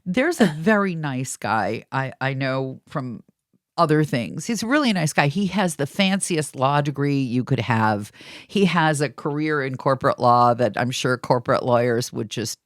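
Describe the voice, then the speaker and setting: A woman's voice: rumbling low, animated, moderate pace, no echo, clean studio sound. A woman in her seventies, a talk radio host, telling stories in a casual interview with playful vocal impressions.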